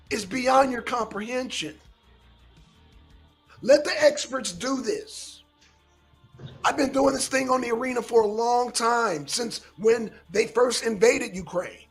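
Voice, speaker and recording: A man's voice: very high-pitched, a bit bright, slightly rough. A man hosting a casual political commentary show, lecturing his listeners emphatically and swearing often.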